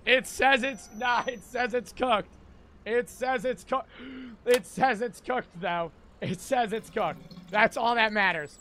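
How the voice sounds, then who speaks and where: A young man with a high, bright voice narrates his gameplay live to chat. He swears constantly and panics out loud, jumping from muttering to yelling, with faint game sizzling behind him on a home desk mic. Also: takes it slowly, slight background noise. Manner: frantic, profane, talks to chat. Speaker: streamer. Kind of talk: gaming livestream commentary.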